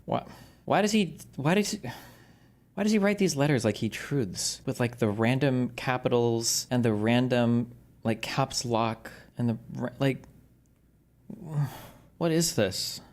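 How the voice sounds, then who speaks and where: A male political streamer giving commentary, brisk, dismissive and argumentative. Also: mid-range voice.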